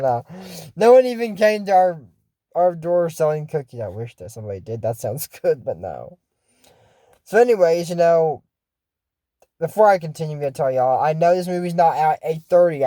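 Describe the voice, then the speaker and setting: Male recapper, rambling and jokey, lively pitch swings, mellow voice. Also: dry recording. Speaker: episode recap commentator. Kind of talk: casual comedic cartoon recap.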